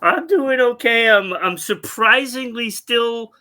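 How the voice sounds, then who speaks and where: A man co-hosting a sports talk show in casual chat, halting and repeating words as he gets going. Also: extremely high pitch, pushed and bright.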